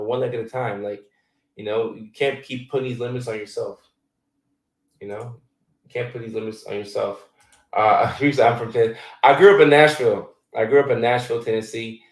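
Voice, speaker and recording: A man's voice: medium pitch, echoey room, distant mic, low-quality recording. A man in his thirties, born in Ghana, hosting a casual live chat and answering viewer questions in a loose, filler-heavy way. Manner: loose and conversational, many fillers.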